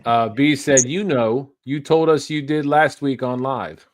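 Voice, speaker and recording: A man's voice: mid-range voice, a little slow, dry recording. Easygoing man reading chat. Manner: easygoing, laughs between comments. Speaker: livestream co-host reading chat. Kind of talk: reading viewer comments aloud.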